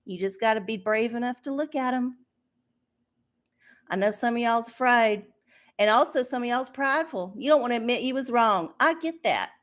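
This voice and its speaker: A woman's voice: on the high side, fairly bright tone. A woman hosting a casual livestream, ranting and swearing with a sarcastic edge. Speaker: livestream host.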